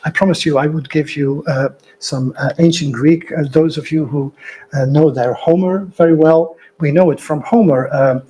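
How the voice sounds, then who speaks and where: A man's voice: a little high, steady tone, moderate pace, warm tone, slight background noise, poor audio. An older man from the Netherlands, Dutch by birth, giving an academic lecture in a digressive way with many fillers and asides.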